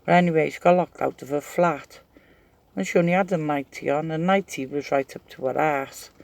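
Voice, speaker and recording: A man's voice: on the high side, brisk, vocal fry. A middle-aged man, casually rambling through stories and laughing as he tells them. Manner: chatty, rambling, laughs while telling stories. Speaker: craft vlogger. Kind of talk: casual storytelling.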